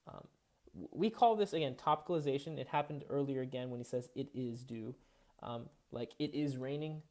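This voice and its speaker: A college instructor lectures at a mid-range pitch for a man, explaining patiently. He thinks aloud, with many fillers, repeated words and restarts. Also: brisk, mellow. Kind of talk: recorded online lecture.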